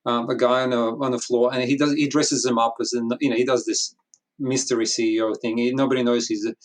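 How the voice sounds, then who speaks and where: A man's voice: medium pitch, fast. Guy on a podcast interview, tells stories, keeps restarting his sentences. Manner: animated storytelling, acts out quoted dialogue, frequent restarts. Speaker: guest, business consultant. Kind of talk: conversational interview.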